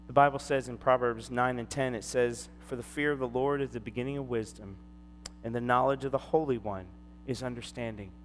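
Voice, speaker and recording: Middle-aged guy preaching, tells stories and does the voices, long church echo with a low hum. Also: fairly quick. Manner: storytelling, animated, acts out quoted voices. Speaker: pastor. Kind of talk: sermon. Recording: long hall reverb, faint hum.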